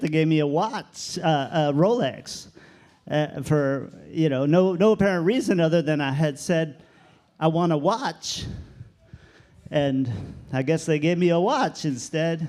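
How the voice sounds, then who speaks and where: Male open-mic comic, slightly high voice, meandering and halting. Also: a little mellow, clear, resonant tone. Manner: rambling, hesitant, many fillers. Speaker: stand-up comic.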